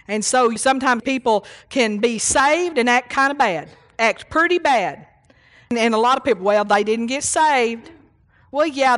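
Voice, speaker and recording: A woman preaching a sermon, reading scripture and teaching with emphatic repetition and call-outs to the congregation. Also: fairly high pitch.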